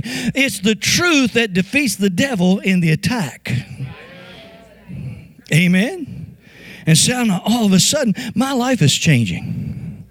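A male pastor delivers a sermon in a rather high voice, building his points through repetition and frequent call-and-response questions. The recording is dry, with little room sound around him. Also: no echo. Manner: call-and-response preaching, repeating phrases, rising emphasis.

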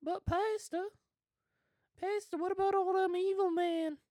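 A man voicing a timid twelve-year-old boy who calls a comedy podcast, in a squeaky falsetto with a slow, pleading drawl. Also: fairly even intonation, darkish tone, slight background noise.

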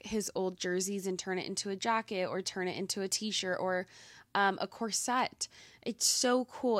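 A woman's voice: mid-range voice, fairly bright tone, no room sound, studio quality. A young woman hosting a podcast, chatting casually with lots of fillers and gushing enthusiasm. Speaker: podcast host. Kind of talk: casual commentary.

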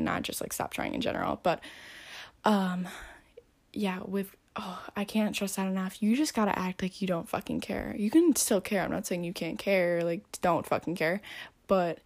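A teenage girl giving blunt, profane dating advice in a casual rant. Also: medium pitch. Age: teens. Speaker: vlogger.

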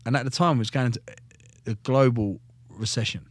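A man's voice: medium pitch, brisk, dry recording, clean studio sound. Blunt, sweary man telling a story. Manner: blunt, heavy swearing, animated retelling. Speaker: guest, former soldier. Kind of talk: casual podcast storytelling.

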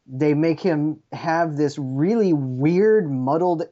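A man co-hosting a film review chat, explaining his points in a measured, analytical way with hesitant restarts. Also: on the high side, warm tone, lo-fi sound. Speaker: film review podcast co-host. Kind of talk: casual chat.

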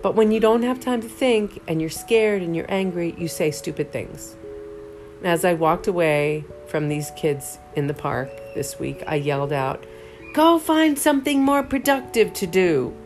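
A woman's voice: low voice, moderate pace, darkish tone, faint music behind. A middle-aged woman telling a personal story in a candid, reflective monologue, often restarting her sentences. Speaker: podcast host.

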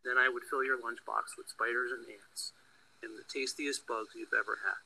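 A man voicing a gentle, loving mother who answers her child with soft, tender reassurance. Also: medium pitch, little pitch movement, moderate pace, creaky, very noisy, natural voice.

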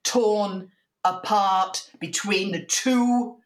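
A woman playing a deadpan interviewer. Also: mid-range voice, very slow. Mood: dry. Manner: dry, mock-serious questioning. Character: deadpan female chat-show interviewer. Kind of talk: improvised comedy interview.

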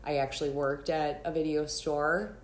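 Deep-voiced middle-aged woman cohosting a podcast, chatty, laughs a lot, roomy echo. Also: fairly even intonation, moderate pace. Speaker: podcast co-host. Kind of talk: casual chat. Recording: echoey room.

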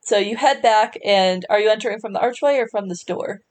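A woman acting as game master, explaining the scene to her players. She speaks in a relaxed way at a mid-range pitch. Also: brisk. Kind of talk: running a tabletop game.

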